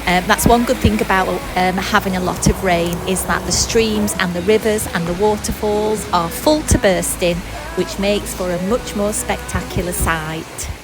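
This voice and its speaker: A woman's voice: medium pitch, normal speed. A woman narrating a travel vlog in a chatty way, with frequent ums and apologies. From not Scottish. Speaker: travel vlogger. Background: background music.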